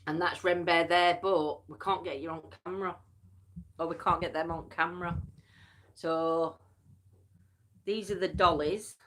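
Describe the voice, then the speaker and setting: A woman's voice: lowish voice, fairly even intonation, unhurried, long pauses, a bit bright. A woman hosting a casual livestream, chatty and teasing, tired and yawning. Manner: chatty, laughs often, teasing. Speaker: livestream host. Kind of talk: casual live chat.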